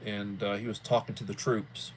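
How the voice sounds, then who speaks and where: A man's voice: on the low side, flat delivery, normal speed, slight background noise. A man hosting a livestream in casual chat, rambling in a folksy way and repeating himself. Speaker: livestream host.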